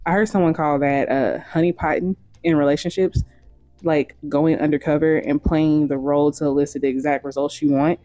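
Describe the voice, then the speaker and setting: A woman host gives opinionated commentary in a mellow, dark-toned voice. She talks bluntly and frankly and swears casually. The recording sounds dry, with faint music underneath. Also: deep voice, steady tone, brisk, no room sound.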